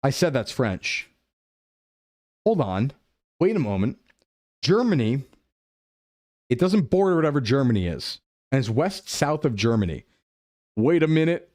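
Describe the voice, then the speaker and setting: A young adult man streaming a game live, chatting playfully with his chat and thinking his guesses out loud. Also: medium pitch, big pitch swings, a little slow, pauses often, no echo, clean studio sound. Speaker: VTuber streamer. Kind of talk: live-stream gameplay commentary.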